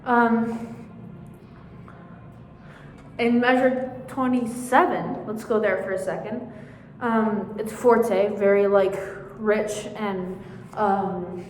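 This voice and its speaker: A woman's voice: mid-range voice, a little mellow, roomy sound, long reverb tail. A woman coaching a viola section, speaking through a face mask and slightly out of breath, chatty and informal with frequent fillers as she counts beats aloud. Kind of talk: casual practice lesson, counting beats aloud.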